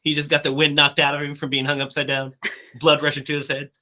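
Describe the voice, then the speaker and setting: A man co-hosting a casual movie podcast, recapping scenes in an animated, loose way with some swearing. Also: on the high side, fast talker, poor audio. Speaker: podcast co-host. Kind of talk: casual movie-review chat.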